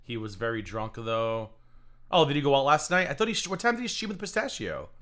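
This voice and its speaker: A man's voice: mid-range voice, very animated, fairly quick, a bit bright. A man hosting a livestream, commenting in a profane, sarcastic rant. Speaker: livestream host.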